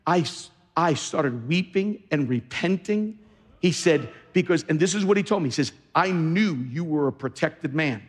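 A man's voice: fairly high pitch, expressive, moderate pace, husky, in a large hall. A man pastor preaching a sermon, telling a story with quoted speech and building to fervent exhortation. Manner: storytelling, quoting others, rising to fervent exhortation.

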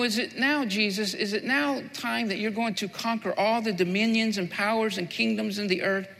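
Male pastor preaching, really high voice, kinda gravelly, long echo from the hall. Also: fairly bright tone. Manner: repeats phrases for emphasis, rising to a fervent preaching pitch. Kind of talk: sermon.

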